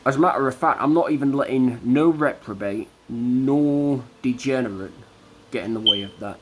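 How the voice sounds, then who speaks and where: A man delivering a defiant, combative religious rant to camera, with slow, deliberate emphasis on each word. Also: mid-range voice, noisy background. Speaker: vlogger.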